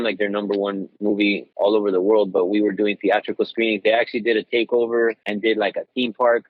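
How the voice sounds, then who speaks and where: A man's voice: lowish voice, no echo, narrow, tinny audio. A man running a drive-in theater, chatting casually with lots of "like" and "dude". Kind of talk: casual chat.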